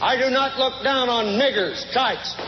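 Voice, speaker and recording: An actor playing a harsh Marine drill instructor who barks clipped, scornful orders at recruits. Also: male voice, extremely high pitch, measured pace, noisy background. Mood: barking scorn. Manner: barked, clipped, scornful commands. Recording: roomy, dull film clip played over radio.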